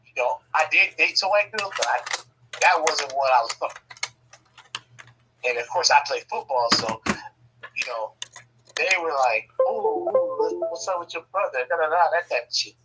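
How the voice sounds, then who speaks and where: A man telling a family story casually, profane and animated, often laughing. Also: on the high side, moderate pace, pauses often, music in the background, low-quality recording.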